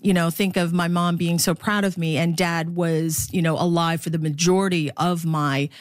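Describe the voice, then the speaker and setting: A middle-aged woman who works as a baseball broadcaster, speaking as an interview guest in a lively, laughing, storytelling way. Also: fairly low pitch, normal speed, dry recording, clean studio sound. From Philippines.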